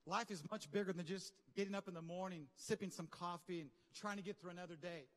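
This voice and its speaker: Male pastor, high-pitched, lively conversational preacher, reverberant hall sound. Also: fast talker. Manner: animated, conversational preaching with slang and asides. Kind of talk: sermon. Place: large church hall.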